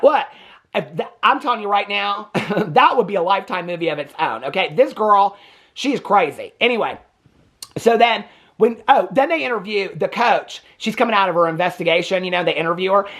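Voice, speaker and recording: A man's voice: sits high, expressive, a little fast, fairly bright tone. Chatty gossiping man recapping a movie. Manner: chatty, gossipy retelling with laughs and asides. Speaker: movie reviewer.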